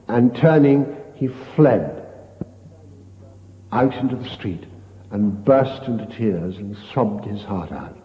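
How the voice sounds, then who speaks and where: An older man, a priest, giving a retreat meditation as a slow, storytelling sermon with hushed quoted lines. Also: mid-range voice. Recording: dull lo-fi tape in a reverberant hall.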